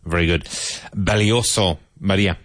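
A male teacher with a deep, low voice leads a classroom vocabulary drill. His delivery is brisk and encouraging. The recording is dry and close, with no room sound. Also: fairly bright tone, no room sound. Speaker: English teacher.

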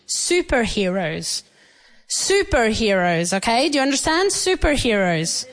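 A woman hosting a children's radio show from a school classroom. She drills English vocabulary with young pupils, praises them often, repeats words slowly and clearly, and switches between English and Spanish. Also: on the high side, very animated.

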